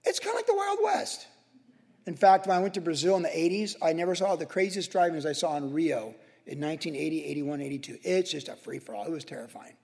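Man in his sixties preaching, gravelly. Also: fairly high pitch, animated, darkish tone. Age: 60s. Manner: anecdotal, conversational storytelling with quick asides. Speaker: pastor. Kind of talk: sermon. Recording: long hall reverb.

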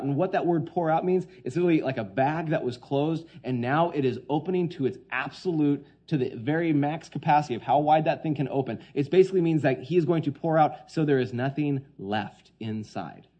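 A man preaching a sermon, swinging between hushed quoted lines and loud, emphatic points. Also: a little high, brisk, hardly any pauses, slightly rough, dull audio.

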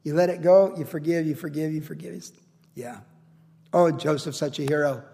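A man preaching a sermon in an animated, conversational way, often acting out quoted voices. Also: a little high, moderate pace, gravelly, in a large hall. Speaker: pastor.

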